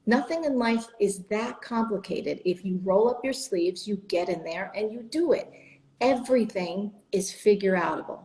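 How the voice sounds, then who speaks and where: A woman's voice: medium pitch, expressive, normal speed, darkish tone, lightly acted, low-quality recording. Woman quoting a tough, unfazed mom. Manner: matter-of-fact, dismissive of fuss. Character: tough, handy working mother, brisk and unfazed.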